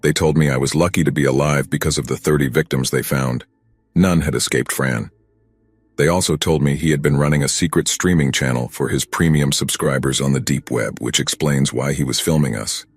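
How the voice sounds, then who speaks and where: A man narrating a first-person horror story in a steady, grim, scripted telling. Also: a bass voice, husky, no room sound.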